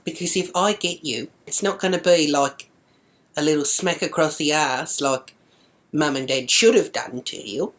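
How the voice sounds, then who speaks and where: An Australian woman with a notably low, deep-set voice tells her story straight to camera. She rants with indignation and swears at nearly every turn, in the coarse manner of a comic vlogger. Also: animated, moderate pace, fairly bright tone.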